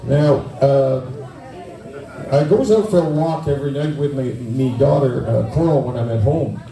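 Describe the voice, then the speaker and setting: A man's voice: medium pitch, moderate pace, warm tone, echoey room, distant mic, low-quality recording. A man with a Newfoundland accent doing stand-up in front of an audience, telling folksy jokes and talking with the crowd. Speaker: stand-up comedian. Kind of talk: stand-up storytelling in character. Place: event hall with an audience.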